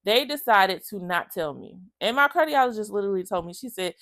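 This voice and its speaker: A woman with a medium-pitched voice talks a little fast as she shares her personal story in a casual vlog. Emotional and chatty, she voices other people's lines and speaks directly to viewers as "y'all," with no room sound.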